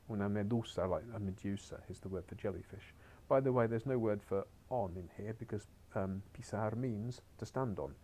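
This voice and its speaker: A man's voice: lowish voice, warm tone. A man teaching a beginners' Spanish lesson on a recorded screen share, chatty and encouraging with wry asides.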